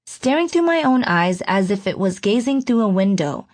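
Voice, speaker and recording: A woman narrating her own audiobook in an earnest, reflective, measured way. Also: medium pitch, very animated. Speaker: author reading her own book.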